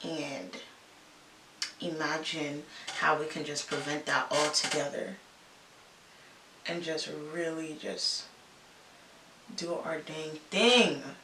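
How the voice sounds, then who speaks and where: A woman's voice: deep voice, fairly even intonation, slow pace, pauses often, pushed and bright. A woman vlogger chatting casually while getting ready, earnest and emphatic as she encourages her listeners. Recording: echoey room, mic at a distance, faint hiss.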